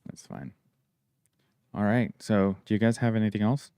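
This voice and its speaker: Podcast co-host, man, deep and smooth, casual teasing banter. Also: expressive, normal speed, mellow, no echo, studio quality. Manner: joking, teasing, swears freely. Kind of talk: casual chat.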